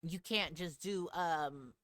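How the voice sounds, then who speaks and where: A woman streamer telling a story to her live chat in a casual, animated way, laughing often. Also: deep voice, slow, no room sound.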